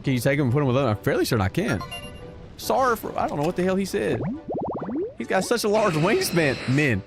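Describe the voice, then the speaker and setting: Lively joking male game streamer. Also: fairly high pitch, fairly quick, long pauses. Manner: animated, joking, swears freely. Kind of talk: casual gameplay commentary. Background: game music.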